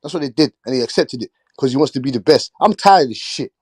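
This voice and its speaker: A man's voice: mid-range voice, lively intonation, fast, a little mellow, husky, no echo. A man hosting a boxing talk show, ranting in a heated, swearing, repetitive way. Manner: fired-up, swearing, repeating himself. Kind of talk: heated casual rant.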